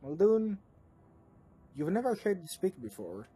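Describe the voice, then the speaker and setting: Husky, mellow-voiced man running a tabletop game. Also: high-pitched, very animated, unhurried. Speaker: game master.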